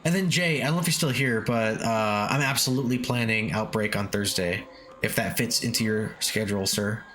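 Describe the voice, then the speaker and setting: A man's voice: lowish voice, a little fast, a bit bright. A man streaming games, chatting casually, reading chat aloud, swearing freely and chuckling often. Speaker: game streamer. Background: faint lofi background music.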